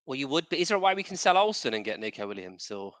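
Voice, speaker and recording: A man's voice: medium pitch, very animated, very fast, a bit bright, no echo. A man co-hosting a football podcast, joking around in casual chat with plenty of "um" and "mate". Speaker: podcast co-host.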